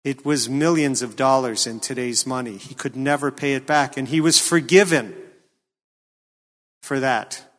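Slow-speaking male preacher in a reverberant hall. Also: medium pitch. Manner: earnest, questioning, slow emphatic delivery. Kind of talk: sermon.

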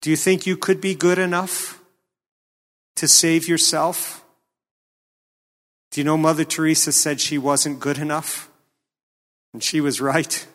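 A man preaching a sermon, earnest and questioning, with a slow, emphatic delivery. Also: on the high side, little pitch movement, fairly bright tone. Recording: long hall reverb.

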